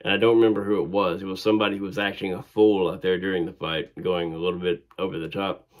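A man's voice: low voice, level tone, fast. A man casually telling a personal story in a conversational way, with fillers and restarts.

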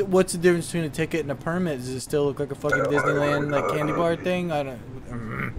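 A tipsy man hosts a let's-play, rambling through the game with profane, mocking jokes. His voice sits high for a man, and he trails off and drifts as the drinks take hold. Faint room noise sits under him. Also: fast talker, few pauses. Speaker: host.

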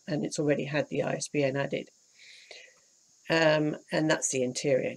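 Tutor, croaky and gravelly with hay fever, calm step-by-step screen walkthrough. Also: mid-range voice. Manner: practical, explains step by step, mild asides of annoyance. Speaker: self-publishing tutor.

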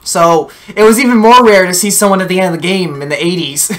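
A somewhat high-voiced man with a bright, forceful edge talks through a game he's playing, casual and loose. He bursts into loud, excited yelling and curses freely. He's recorded over a voice chat with a friend. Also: brisk. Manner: excitable, yelling reactions, heavy swearing. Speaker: let's play host and player. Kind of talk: casual gameplay commentary.

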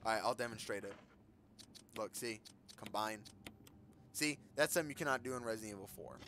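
With a little hiss or hum in the background, a man talks fairly quickly as he plays a video game for a let's play. His commentary is casual and jokey; he responds to characters on screen, has loud outbursts, and mutters the text quietly.

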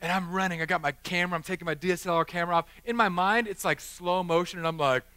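Middle-aged male pastor, funny and animated, preaching with a forceful, bright tone. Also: high voice, quick pace, clean tone, no room sound. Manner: animated, joking, acts out the people in his stories. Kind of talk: sermon with storytelling. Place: church chapel.

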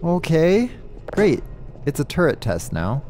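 A man streaming a puzzle game live, talking through it in an excitable, joking way and thinking aloud. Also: fairly high pitch, slow, slight background noise. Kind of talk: live gameplay commentary.

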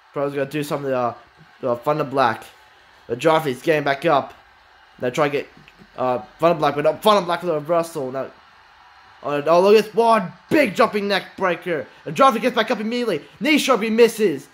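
A man with a high voice and a light lilt calls a wrestling video game match blow by blow. He is excitable, exclaims often and swears freely. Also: a little fast. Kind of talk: excited play-by-play commentary.

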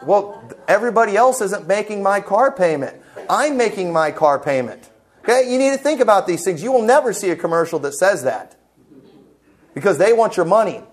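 A man's voice: high-pitched, expressive, a little fast. A man pastor preaching a sermon in church, emphatic and conversational, full of rhetorical questions.

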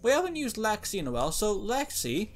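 A man's voice: high-pitched, huge pitch swings, a little fast. A man giving joking, exclamatory commentary while playing a video game. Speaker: let's play gamer. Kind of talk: casual gameplay commentary.

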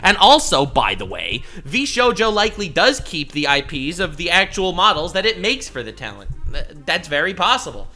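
An excitable male streamer talks over a clip in casual reaction commentary, swearing freely and breaking into loud outbursts. His voice is bright and edgy and sits a little high. Faint music plays underneath. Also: normal speed, few pauses.

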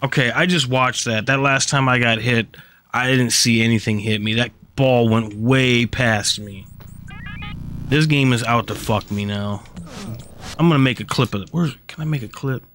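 A man's voice: mid-range voice, steady tone, normal speed, fairly bright tone, a little hiss or hum. A man streaming a video game live, commenting casually with frequent swearing and frustrated grumbling.

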